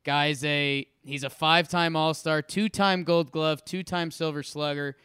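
A man co-hosting a sports podcast, rambling with enthusiasm and repeating his words. His voice is smooth and clear and fairly high, and it sits close to a dry mic. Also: fairly even intonation, a little slow, fairly bright tone, no echo. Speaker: podcast co-host. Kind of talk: casual sports podcast chat and ad read.

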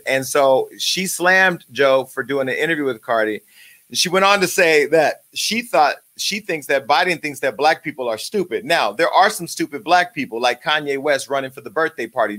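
A man's voice: on the high side, expressive, normal speed, bright, forceful tone. A man hosting his own show, ranting in a profane, joking and angry way. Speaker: show host. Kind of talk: uncensored comedic rant.

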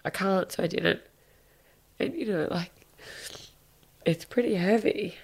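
A woman in her thirties, appearing as a podcast guest, speaks candidly and emotionally in a confessional way, sometimes swearing and dropping to a whisper. Her voice is fairly low with a breathy edge, and her pace is measured.

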